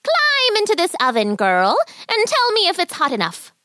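A woman voicing a cruel, frail old witch who scolds sharply in a high, shrill voice. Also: huge pitch swings, normal speed, sharp tone, no echo, clean studio sound, heavily acted. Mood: commanding.

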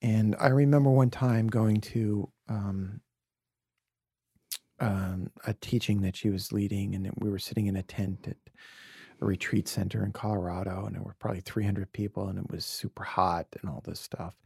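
Brooklyn-raised guy, low raspy voice, earnest and reflective, talks soft sometimes. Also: steady tone, normal speed, no echo, studio quality. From Brooklyn, USA. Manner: reflective, heartfelt, drops softly to near-whisper at times. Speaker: podcast guest. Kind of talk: earnest conversational storytelling.

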